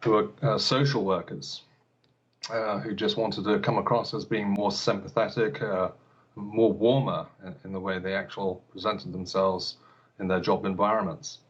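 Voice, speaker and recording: A man who teaches elocution answers interview questions in a lowish voice. He hesitates a lot and stumbles over repeated words between fillers. The recording has a dull, lo-fi broadcast sound. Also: steady tone, normal speed, slightly rough.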